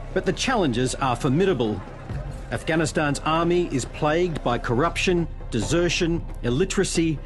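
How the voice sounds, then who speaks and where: A man narrating a documentary in a measured, factual, scripted delivery. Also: on the high side. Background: music.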